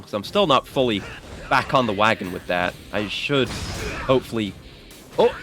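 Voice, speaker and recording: A man's voice: on the low side, normal speed, pauses often, faint music behind. A man giving casual let's-play commentary on a video game, yelping and swearing when the game surprises him. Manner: excitable, yelps and swears at the game. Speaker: gaming streamer.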